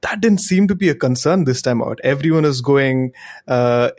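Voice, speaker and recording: Regular-pitched guy on a podcast, candid, lots of uh's and 'to be honest'. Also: expressive, normal speed, darkish tone. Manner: candid, hedging with fillers. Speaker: podcast co-host. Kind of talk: casual chat.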